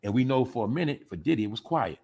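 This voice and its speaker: A man's voice: mid-range voice, expressive, fast talker, darkish tone, husky. A man hosting an opinionated live-stream commentary, ranting and talking straight to his chat. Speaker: commentary show host.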